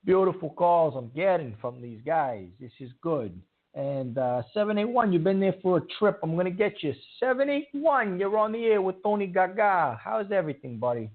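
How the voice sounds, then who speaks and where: Gravelly talk-radio host on a tinny line. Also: male voice, high voice, very animated, moderate pace. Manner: emphatic, repetitive, scolding. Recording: tinny phone-like audio.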